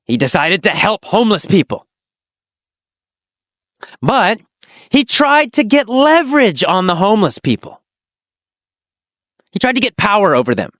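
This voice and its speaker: An English teacher telling a teaching story, asking simple questions and answering them, with slow, exaggerated storytelling and dramatic pitch swings. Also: very animated, a bit bright, no echo, studio quality.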